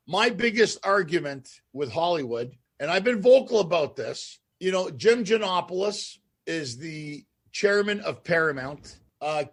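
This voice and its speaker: A man hosting a casual talk show, talking in an animated, blunt way with swearing and many restarts. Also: high-pitched, husky. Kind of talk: casual chat.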